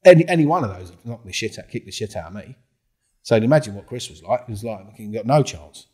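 A middle-aged man, a podcast guest telling a story in a casual, animated way, swearing freely and acting out the dialogue. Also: on the low side, quick pace, breathy edge.

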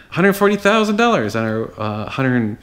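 A man's voice: mid-range voice, sing-song, a little slow, a bit bright. A man who runs a car dealership, reading out buyer messages and reacting to them in a sarcastic, exasperated, blunt way. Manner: blunt and dismissive.

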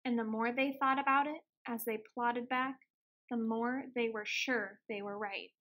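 Woman, storybook read-aloud, gentle, expressive, high-pitched. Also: a little slow. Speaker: extension outreach reader.

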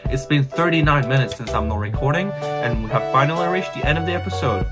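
A man's voice: medium pitch, lively intonation, fast talker, hardly any pauses. A man hosting a gameplay video who reads the game's lines aloud in a casual, upbeat way, with small slips. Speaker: gaming host. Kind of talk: gameplay commentary, reading dialogue aloud. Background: faint game music.

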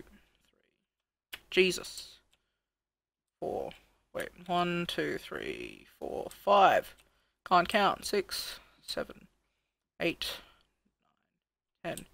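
A let's play host giving casual gameplay commentary, thinking aloud, counting out loud while building, and grumbling at his own work. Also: mid-range voice, vocal fry.

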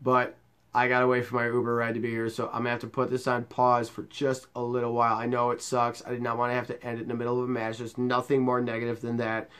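A man's voice: mid-range voice, completely flat delivery, fast, a bit bright, clean tone. Young man, gamer, profane, sarcastic, heckling the game. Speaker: gaming YouTuber. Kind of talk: profane let's-play commentary.

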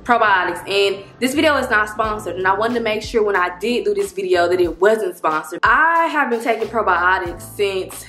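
A woman's voice: mid-range voice, bright, forceful tone, roomy sound. A woman talking casually to her viewers in a rambling, friendly vlog, a little out of breath. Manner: chatty, rambling, addresses viewers as y'all. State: slightly out of breath. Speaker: vlogger.

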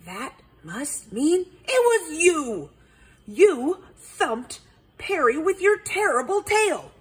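A woman's voice: high voice, big pitch swings, takes it slowly, pitched above the performer's own voice, exaggerated voice. A woman voicing an eager, self-important male owl detective in a storybook read-aloud, exclaiming dramatically. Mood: dramatic. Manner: dramatic exclaiming, sing-song.

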